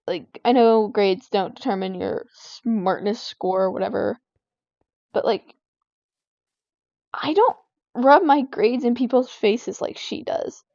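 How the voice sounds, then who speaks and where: A high-pitched teenage girl rambles through an exasperated vent session while she plays a game. Her words come packed with "like" fillers. The sound is dry and a bit dull, as if recorded on a lo-fi home mic. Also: lively intonation, slow pace, long pauses, warm tone, no room sound. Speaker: gaming vlogger. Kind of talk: casual venting while playing a game.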